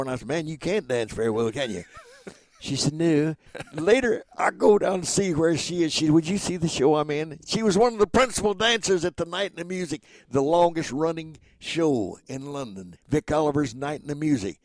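Older man telling lively stories. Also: fairly high pitch, fairly quick, dry recording. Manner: animated storyteller who acts out quoted dialogue. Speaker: interview guest, entertainer. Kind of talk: anecdotal storytelling interview.

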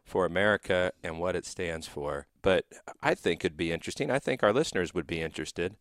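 A man hosting an interview, asking questions in a warm, encouraging way. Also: low-pitched, lively intonation, brisk, no room sound, clean studio sound. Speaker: radio interview host.

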